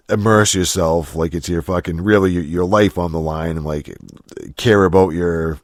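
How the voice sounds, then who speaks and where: A man with a very deep voice rambles through a casual podcast chat, swearing freely and tripping over restarts. His sound is dry and close, with no room around it. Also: no room sound. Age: adult, getting older. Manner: profane, rambling, many restarts and fillers. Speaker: podcast host.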